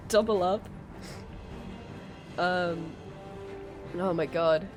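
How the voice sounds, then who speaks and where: A woman's voice: fairly low pitch, very slow, long pauses, over music. A sick woman streamer with a strained throat, chatting casually while watching videos, rambling and giggling a lot. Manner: giggly, rambling, easily amused. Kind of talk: casual live-stream chat.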